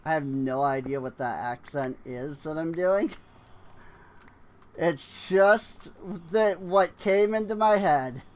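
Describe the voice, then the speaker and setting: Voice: mid-range voice, slow pace, darkish tone, slight background noise. A streamer giving casual game commentary with chatty, self-deprecating asides.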